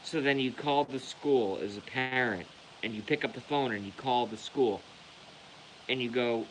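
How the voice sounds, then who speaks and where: A man's voice: medium pitch, moderate pace, a bit bright, slight background noise, poor audio. A man delivering a heated, profane rant to the camera as a vlogger. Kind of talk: angry rant.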